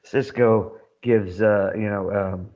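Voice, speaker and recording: A man in casual podcast chat, rambling excitedly and laughing often as he recaps. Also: fairly low pitch, slow, highs cut off. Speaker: podcast co-host.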